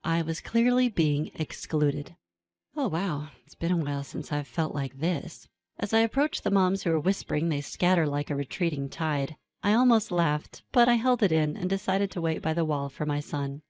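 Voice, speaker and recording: A woman telling a first-person story in a calm, even way, with dry asides. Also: sits low, normal speed. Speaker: narrator.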